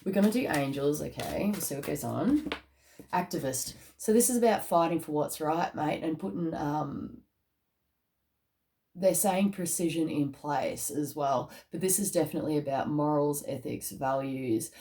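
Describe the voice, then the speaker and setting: A woman's voice: low-pitched, normal speed, mellow. Chatty woman giving a card reading. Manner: chatty, tags lines with "okay?" and "all right?"; emotional, easily moved. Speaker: psychic card reader. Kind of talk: casual spiritual card reading to camera.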